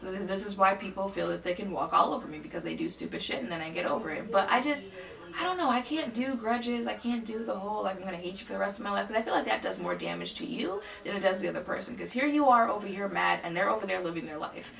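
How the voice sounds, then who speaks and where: Gravelly, bright-voiced young woman storyteller. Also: medium pitch, animated, fast talker, distant mic. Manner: blunt, emphatic, sassy. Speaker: vlogger. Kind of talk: casual storytelling.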